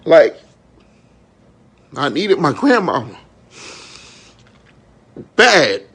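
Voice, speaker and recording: A man in his thirties with a high, tense, bright voice speaks in a raw live-stream monologue. He is frank and emotional and curses freely. He keeps checking that his audience is with him. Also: very animated, very slow, husky. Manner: raw, frank and emotional, with profanity and many "you know what I'm saying". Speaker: minister and entrepreneur.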